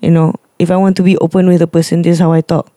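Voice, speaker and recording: A man's voice: fairly high pitch, little pitch movement, very fast, mellow, no echo, clean studio sound. A young man with a Malaysian English accent, chatting candidly as a podcast co-host and slipping Malay words into his speech. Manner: candid, mixes in Malay words, restarts often. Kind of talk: casual chat.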